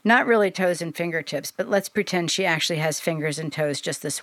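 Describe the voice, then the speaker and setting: A woman reading a storybook aloud as its narrator, with a gentle, descriptive manner. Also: fairly low pitch, a little fast, few pauses, dry recording, studio quality.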